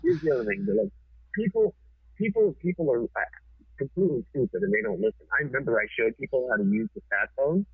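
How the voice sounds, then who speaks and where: A man, a TV producer and podcast guest, telling a story in a casual, forceful way and swearing freely. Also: mid-range voice, expressive, fast talker, breathy edge, dry recording. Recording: tinny phone-like sound.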